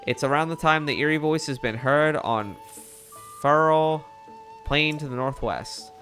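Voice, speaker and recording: A man's voice: on the high side, unhurried, soft background music. A man reading a jittery little bird reporter. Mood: chatty. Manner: reading game text aloud with lively rises. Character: chatty male bird reporter, eager, easily spooked. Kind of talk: reading game dialogue aloud.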